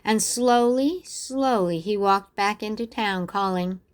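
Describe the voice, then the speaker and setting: An older woman reading a picture book aloud to children, expressively, and pausing to ask the listener questions. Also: mid-range voice. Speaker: storyteller.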